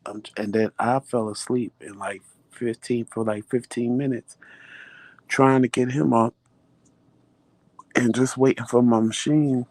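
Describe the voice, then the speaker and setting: A man's voice: medium pitch, unhurried, long pauses. A man vlogging, telling a story casually and animatedly, acting out what people said. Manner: animated, acts out quotes.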